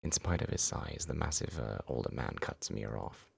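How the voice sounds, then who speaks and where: A man streamer reading a visual novel game aloud in low, dramatic narration, with reactions in between. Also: lively intonation, moderate pace, creaky, hardly any pauses, husky.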